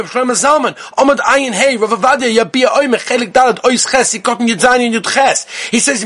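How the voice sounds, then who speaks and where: Husky, bright-voiced male rabbi giving an animated, emphatic Torah class. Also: sits high. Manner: rapid-fire listing of sources, animated and emphatic. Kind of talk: lively spoken Torah lesson. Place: Israel.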